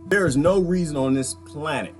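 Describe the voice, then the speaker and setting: A man's voice: on the high side, moderate pace. A man giving a fired-up, repetitive political rant while commenting on a video clip. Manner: impassioned, repetitive, preachy. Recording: music playing underneath.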